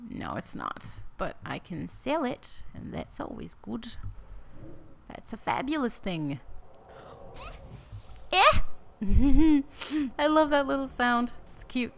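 A woman's voice: a little high, wildly swooping pitch, slow pace, gravelly, long pauses, a little hiss or hum. Chatty woman narrating her gameplay. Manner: chatty, rambling and candid, talking to viewers. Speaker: Let's Play host. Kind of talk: casual gameplay commentary.

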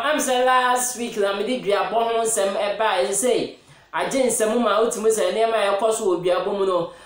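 A woman with a Ghanaian accent hosting a chatty news commentary, laughing often and mixing English in. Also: on the high side. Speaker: host. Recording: very echoey room.

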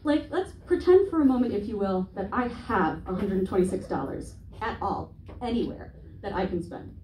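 Brief: woman stand-up in her twenties, wry and profane, mellow tone, off-mic in an echoey club with faint room hum. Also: medium pitch, lively intonation, moderate pace. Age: 20s. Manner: self-deprecating, profane, wry asides. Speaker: stand-up comedian. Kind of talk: stand-up comedy set. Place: comedy club stage. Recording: echoey room, heard from a distance.

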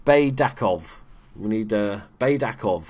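A man's voice: lowish voice, a little slow. Young male gaming YouTuber, chatty and self-deprecating, loose play-by-play. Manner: chatty, self-mocking, swears when excited. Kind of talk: casual let's play commentary.

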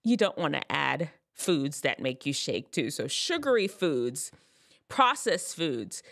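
A woman with a somewhat low voice talks straight to her viewers in a relaxed vlog. Her delivery is chatty and loose, full of restarts as she works through the science terms. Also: slow pace, creaky. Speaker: advice vlogger. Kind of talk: casual explanatory talk.

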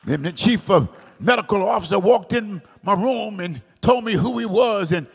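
A man preaching a sermon in a large church hall, in a sing-song cadence that climbs into shouts. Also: high voice, expressive, moderate pace, gravelly, slightly rough. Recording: long hall reverb.

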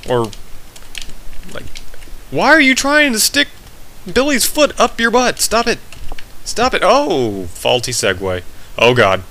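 A man's voice: high-pitched, huge pitch swings, slow pace, pauses often, bright, forceful tone, low-quality recording. A young man giving frustrated, goofy running commentary while playing a video game. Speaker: gameplay commentator. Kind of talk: let's play commentary.

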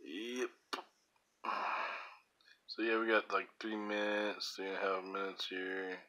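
A man rambles to his phone camera late at night, sleepy and unhurried. His voice sits a little low but sounds very bright and edgy. He chuckles at his own asides between drawn-out phrases. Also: little pitch movement. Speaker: vlogger. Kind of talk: rambling self-filmed vlog.

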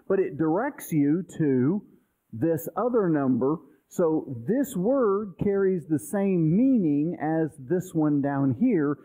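Man teaching a class over a tinny line. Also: high-pitched. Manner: conversational, explains with everyday examples and checks in with "okay?". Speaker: pastor teaching a Bible study class. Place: church. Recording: tinny, phone-like sound.

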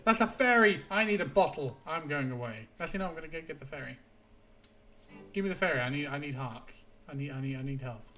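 A man's voice: fairly high pitch, expressive, quick pace, sharp tone, slight background noise. Playful man streaming a game. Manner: playful, hums tunes and swears at the game. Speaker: streamer playing a video game. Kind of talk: casual live-stream chat.

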